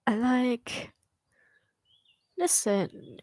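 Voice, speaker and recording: Young woman, podcast host; slow, blunt, scornful rant full of swearing and repeated lines, higher voice, dry close sound. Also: dry recording, rough recording. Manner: blunt, profane and scornful, with emphatic repetition. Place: bedroom with an open window.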